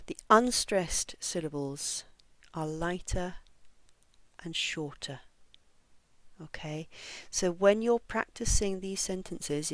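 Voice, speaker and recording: A woman teaching English pronunciation in an online lesson. She explains each point and reads model phrases with slow, careful, over-articulated stress. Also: fairly low pitch, fairly bright tone, dry recording.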